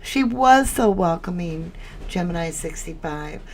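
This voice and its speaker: A woman's voice: lowish voice, expressive, measured pace, darkish tone, slight background noise. A woman hosting a casual livestream chat, emotional as she reads viewer comments aloud. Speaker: livestream host.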